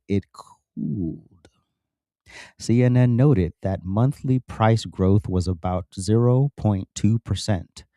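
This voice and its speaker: A man's voice: low voice, dark tone, no echo, clean studio sound. A man hosting a political commentary show, ranting emphatically with sarcastic asides and plenty of repetition. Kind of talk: political rant monologue.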